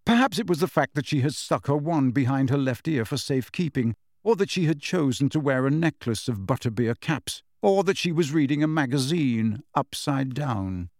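Reading from a scripted novel, a man with a mid-range voice narrates in a calm, even, measured manner. The audio is studio quality with no echo.

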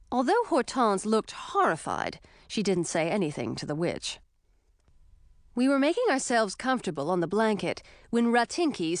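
A woman narrating a first-person fantasy audiobook in a clear, expressive storytelling voice. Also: mid-range voice, dry recording, studio quality.

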